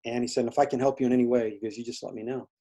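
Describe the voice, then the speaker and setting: This Indiana man, an interview guest, speaks rapid-fire in a flat yet mellow mid-range voice. Casual and rambling, he tells a long story thick with fillers, acting out the people he quotes.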